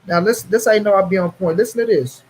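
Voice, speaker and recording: A man's voice: high-pitched, fast talker, slight background noise, rough recording. A man hosting a boxing commentary channel, ranting in a casual, profane way, repeating lines for stress and talking straight to his viewers in street slang.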